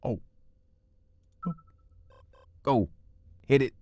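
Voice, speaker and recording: A man's voice: mid-range voice, sing-song, normal speed, gravelly, no echo, faint music behind. Playful man streaming a game, dry mic. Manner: playful, jokey, shifts into silly voices and yells. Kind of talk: casual gaming livestream commentary.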